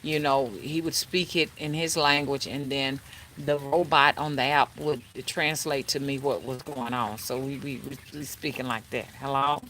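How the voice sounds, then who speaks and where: A woman hosting a casual livestream as a spiritual reader, chatting and greeting viewers by name in a drawn-out, friendly way. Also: extremely low pitch, fairly even intonation, fairly bright tone, a little hiss or hum.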